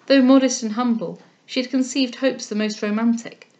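A woman reading a classic novel aloud in a steady, measured storytelling voice. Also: on the high side, highs cut off. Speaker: audiobook reader.

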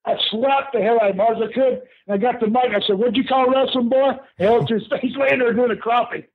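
Casting: older guy with a high voice, chatty storyteller, over a tinny phone line. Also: fast talker, slightly rough. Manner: lively yarn-spinner who laughs often and says "brother". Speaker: guest, retired pro wrestler. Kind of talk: animated storytelling in an interview. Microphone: phone call.

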